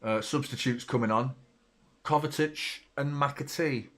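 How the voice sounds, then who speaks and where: A man's voice: mid-range voice, a little slow. A man in his thirties from the UK hosting a live football watchalong, blunt and sweary, reacting to the play and chatting to viewers. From United Kingdom. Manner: blunt, sweary, excitable when play heats up. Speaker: host of a fan watchalong. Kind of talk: live match reaction and chat.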